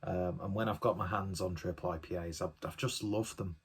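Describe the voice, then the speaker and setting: A man's voice: low-pitched, fairly even intonation, a little fast, breathy edge. A man giving a casual solo beer review, chatty and enthusiastic, often rambling off on tangents.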